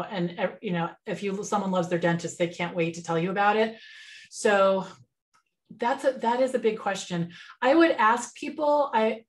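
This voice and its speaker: Chatty woman mentor on a webinar. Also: mid-range voice. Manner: relaxed, chatty, frequent fillers and restarts. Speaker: business mentor giving a webinar. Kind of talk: conversational webinar presentation.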